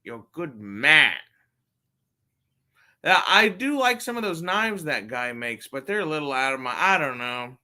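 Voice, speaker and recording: Streaming from his phone, a man rambles to his viewers about his toy collection, swearing casually and talking straight to chat. His voice is on the high side, animated and pushed bright, at a normal speed with hardly any pauses.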